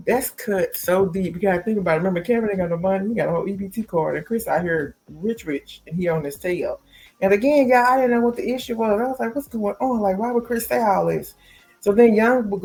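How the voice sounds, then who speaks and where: Podcast host, woman, lower voice, chatty gossip delivery, faint background music. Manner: chatty, addresses listeners as y'all and baby. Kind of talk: casual celebrity gossip commentary.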